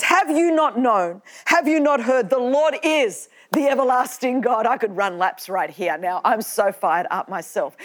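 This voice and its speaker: Australian female preacher in her fifties, high-pitched, energetic and playful. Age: 50s. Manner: animated, joking, with frequent laughs. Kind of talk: lively sermon to a live audience.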